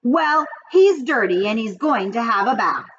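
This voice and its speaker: A woman doing a brisk no-nonsense farm wife. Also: fairly high pitch, lively intonation, a bit bright, muffled recording, a little hiss or hum. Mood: firm. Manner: firm, matter-of-fact.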